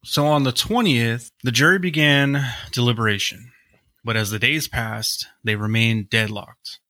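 A man co-hosting a podcast, reading a true-crime story aloud at a steady pace and breaking off into wry, casual asides. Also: medium pitch, measured pace, no room sound. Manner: reads steadily, then breaks into wry jokes.

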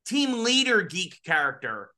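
A man co-hosting a podcast in casual, lively chat about sports and comics. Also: high-pitched, a little slow. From United States. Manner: animated, bright and lively. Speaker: co-host. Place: home studio in Los Angeles.

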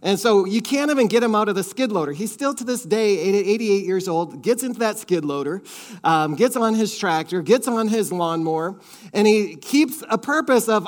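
A man's voice: high-pitched, animated, normal speed. A middle-aged man preaching a sermon as pastor, earnest and conversational, repeating words as he goes.

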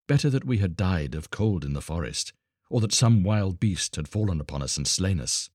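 A man's voice: low voice, expressive, moderate pace, darkish tone, breathy edge, no echo, studio quality. A man voicing a poor woodcutter lamenting his poverty in a storybook. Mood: despairing. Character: poor despairing male woodcutter.

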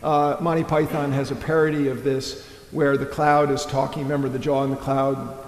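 A man's voice: medium pitch, flat delivery, moderate pace. Man preaching in an echoey church. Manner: earnest, digressive preaching with filler and restarts. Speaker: priest. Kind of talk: sermon.

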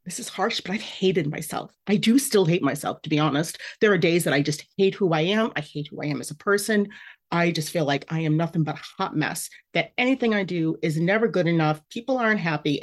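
A woman hosting her own podcast, talking candidly and emotionally about her feelings. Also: fairly low pitch. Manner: candid, emotional, self-reflective. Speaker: podcast host. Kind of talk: personal podcast monologue.

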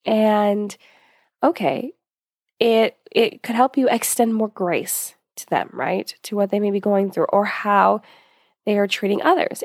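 A woman's voice: fairly high pitch, a little mellow, no echo, studio quality. A young woman talking casually as a host giving advice, chatty with lots of fillers, a little short of breath. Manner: chatty, many fillers and asides.

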